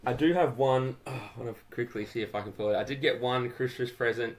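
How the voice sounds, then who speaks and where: A man's voice: mid-range voice, brisk, a crowd in the background. An Australian man hosting a podcast in a casual, upbeat, chatty way, often calling his co-host "mate". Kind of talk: casual chat.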